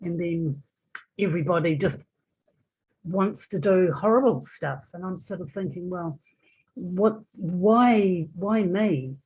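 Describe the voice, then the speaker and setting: A woman's voice: fairly low pitch, takes it slowly, darkish tone, breathy edge, poor audio. A woman taking part in a workshop, describing her troubles in a frustrated, hesitant way and trailing off. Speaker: workshop participant. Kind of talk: sharing a problem in a group.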